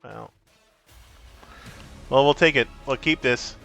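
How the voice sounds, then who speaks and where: A man's voice: mid-range voice, takes it slowly, vocal fry, a bit bright, faint music behind. A man streaming a card game, chatting casually with his viewers in a playful, rambling way. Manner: breaks into silly sing-song. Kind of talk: casual live-stream chat.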